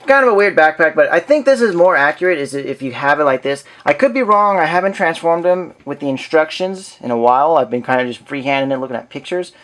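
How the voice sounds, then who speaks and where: A man's voice: fairly high pitch, a bit bright. A man giving a casual hands-on toy review, rambling and thinking aloud as he goes.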